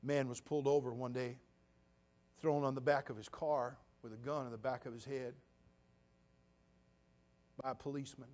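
A man, preaching a sermon as pastor to his church, moving from quiet confiding talk to loud, emphatic preaching. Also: medium pitch, level tone, normal speed, pauses often.

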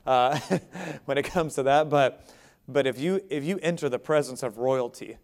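An American man delivers a sermon in a relaxed, conversational way, turning to the congregation with everyday asides. His voice is smooth and resonant at an ordinary middle pitch. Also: moderate pace. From United States. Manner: conversational preaching with asides and chuckles. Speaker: pastor.

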